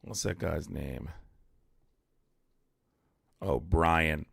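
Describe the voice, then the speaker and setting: A blunt, profane man argues with callers and fires back at chat on a live stream. His voice sits very low with heavy vocal fry. The sound is close and dry. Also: extremely slow, a bit bright, no room sound. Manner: blunt, profane, combative, reads chat aloud. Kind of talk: heated live-stream debate.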